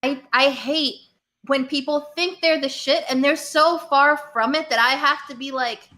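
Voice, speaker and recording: Bright-voiced, blunt podcast co-host woman. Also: high voice, measured pace. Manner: blunt, mocking, animated storytelling. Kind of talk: casual podcast chat.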